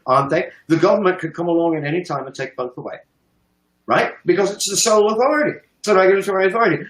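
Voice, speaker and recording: A man's voice: fairly high pitch, fairly bright tone, echoey room, poor audio. A British man giving sarcastic, profane political commentary on a livestream, mocking and emphatic. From United Kingdom.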